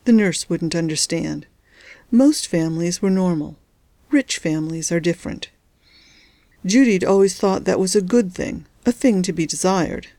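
This audiobook narrator, a woman with a lowish voice, reads scripted narration from a novel. Her storytelling stays steady and measured. The recording is dry.

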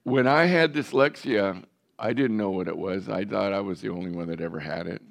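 Older man, seventies, pastor, gravelly low voice, candid storytelling sermon. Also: brisk. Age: 70s. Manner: storytelling, candid, joking asides. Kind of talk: personal testimony sermon.

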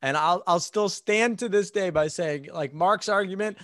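Casting: male podcast guest, slightly high voice, halting delivery, dry mic. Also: a bit bright, dry recording. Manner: hesitant, many restarts and fillers. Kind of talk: casual sports podcast chat.

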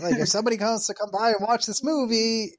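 A man's voice: very high-pitched, fairly even intonation, fast. Rambling casual male podcast host. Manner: rambling, filler-heavy recap. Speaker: podcast co-host reviewing a film. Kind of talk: casual chat.

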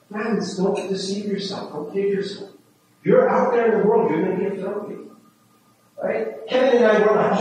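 A high-voiced man preaches to his congregation in a very echoey hall, his voice reaching the mic from some distance. He talks with them rather than at them, often checking in with a quick "right?" and now and then acting out his own inner voice. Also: background noise. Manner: acts out his own inner voice with rising, fast self-talk. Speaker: pastor. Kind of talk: sermon. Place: church sanctuary.

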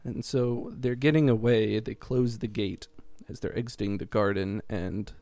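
Man, gravelly voice, dry close sound, rambling podcast recap, average pitch. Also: fairly even intonation, moderate pace, dark tone, no echo. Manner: rambling, chuckling plot recap with mock voices. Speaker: podcast co-host recapping a game. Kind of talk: casual chat.

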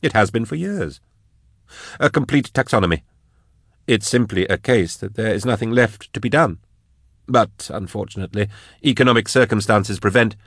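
A man voicing a prickly, defensive older male biologist in an audiobook, talking quickly and indignantly. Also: fairly bright tone, no echo, studio quality. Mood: flustered. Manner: indignant, quick, higher pitched. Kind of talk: audiobook narration.

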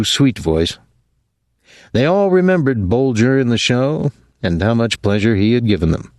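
A man narrating an audiobook in a measured, even way. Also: on the low side, dry recording, studio quality.

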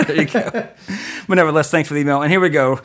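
Fast-talking man reading listener emails. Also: fairly high pitch. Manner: fast-talking, trips over words, self-deprecating. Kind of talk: casual podcast chat.

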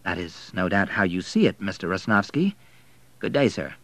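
A man's voice: low voice, very animated, normal speed, fairly bright tone, no echo, full character voice. A cold, formal banker from an audiobook, put on by a man. He speaks in a clipped, authoritative way and stays curt. The sound is dry and close.

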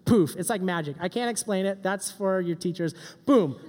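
A middle-aged man giving a joking, animated youth sermon as a pastor. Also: high voice, normal speed, few pauses. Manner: joking, animated, does silly voices. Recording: long hall reverb.

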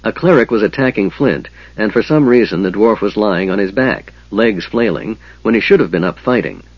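A man narrating a fantasy audiobook speaks steadily and deliberately, his tone low and husky. There's no echo, and the audio comes across as dry and slightly dull.

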